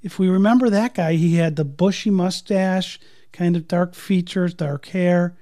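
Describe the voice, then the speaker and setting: Mellow-voiced man discussing films. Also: sits high, steady tone, unhurried. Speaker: podcast co-host. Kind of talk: casual film discussion chat.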